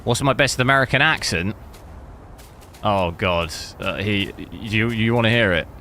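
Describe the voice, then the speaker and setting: A man's voice: fairly low pitch, a little slow, bright, forceful tone, slight background noise. A young man chatting casually with his live-stream viewers while testing a game, rambling and answering chat. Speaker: gaming streamer.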